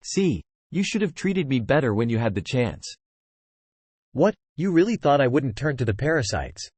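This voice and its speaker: A man's voice: medium pitch, big pitch swings, normal speed, darkish tone, slightly rough, no echo. A man voicing a smug, taunting young man who craves attention, with a mocking, gloating delivery.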